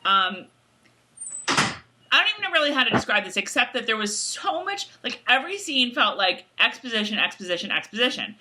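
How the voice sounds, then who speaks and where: A woman's voice: on the high side, sing-song, fairly quick, pushed and bright. A woman co-hosting a casual chat, giggly and rambling with lots of fillers. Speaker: co-host.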